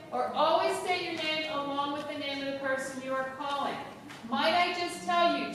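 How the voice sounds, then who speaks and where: A woman teacher giving a brisk, instructive classroom lesson, tending to talk fast, recorded from far off in a large echoey room. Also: high voice, fairly bright tone. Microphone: camera far from the speaker. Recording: echoey hall audio from far off, background noise.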